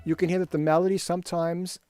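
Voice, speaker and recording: A man's voice: high-pitched, little pitch movement, fast talker. A man teaching a workshop on rhythm for composers, explaining at his computer and scatting rhythms aloud, often checking in with "right?". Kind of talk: screen-share music lesson. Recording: dry close recording with faint music.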